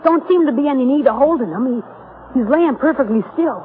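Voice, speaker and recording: A woman's voice: high-pitched, animated, fairly quick, slight background noise. A woman voicing a nervous, jumpy schoolboy in a gang, in 1940s radio acting style. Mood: anxious. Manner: jumpy, anxious. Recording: tinny old radio broadcast.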